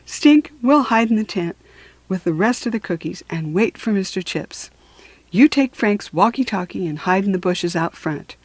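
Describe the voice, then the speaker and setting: A woman reading aloud voices a bossy, confident young girl detective who gives brisk orders in a storybook. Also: medium pitch, animated, no room sound, natural voice.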